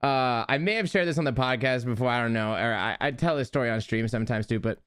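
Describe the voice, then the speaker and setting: A young man, a podcast co-host, telling an animated, laugh-prone story in casual chat. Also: medium pitch, quick pace, clear, resonant tone.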